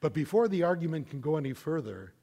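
A middle-aged man preaching a sermon, telling a story in an animated, conversational way. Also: a little high, fast. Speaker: pastor.

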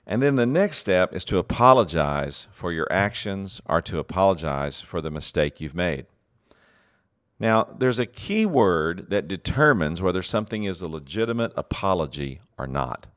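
A man's voice: low-pitched, very animated, moderate pace, a bit bright. A man giving a teaching talk on leadership, earnest and full of fillers and restarts, acting out example phrases.

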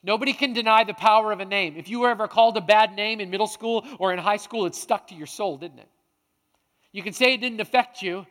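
A male pastor preaching a sermon, dramatic, swinging between hushed and loud. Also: sits high, fast talker. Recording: long hall reverb.

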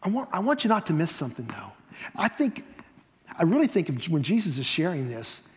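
A man's voice: on the high side, very animated, fairly quick. Man preaching with big swings in volume. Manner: dynamic, swings from loud emphasis to near whispers. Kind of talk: sermon. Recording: long reverb of a hall.

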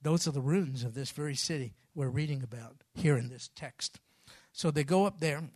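A man preaching a sermon, telling a Bible story with lively acted-out voices. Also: a little high, normal speed, husky, no room sound, clean studio sound. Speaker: pastor.

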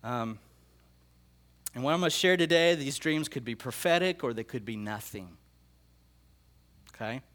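In this sermon, a middle-aged pastor relates prophetic dreams he has had, using a medium-pitched, slightly bright voice. He sounds earnest and moved, often circling back to repeat or restart what he's saying.

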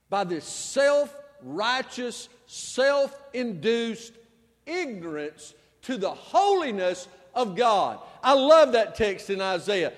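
High-voiced preaching pastor in a reverberant hall. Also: male voice. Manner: preaching with big swings between loud and hushed. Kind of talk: sermon.

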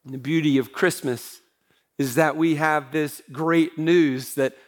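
A man's voice: a little high, fairly even intonation, measured pace. A man preaching a sermon as pastor, talking in a conversational way with self-deprecating humor.

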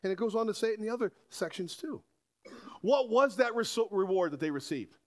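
Male pastor, sermon, lively swinging pitch, slightly high voice, rhetorical questions. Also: a little fast. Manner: animated preaching, rhetorical questions to the congregation.

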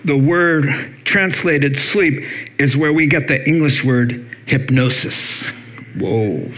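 A man's voice: on the high side, takes it slowly, dull audio. A middle-aged male pastor preaching a sermon, telling stories with humor and acting out little voices. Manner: animated storytelling, acts out voices with playful humor.

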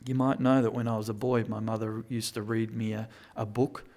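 A man preaching a sermon, moving between quiet reflection and loud, emphatic pleading. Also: fairly low pitch, flat delivery, brisk.

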